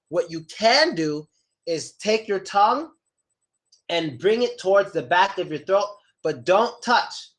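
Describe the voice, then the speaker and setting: A man's voice: high voice, pushed and bright. A young man teaching English pronunciation in a casual online lesson, chatty and stretching out example words. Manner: chatty, drawn-out model words.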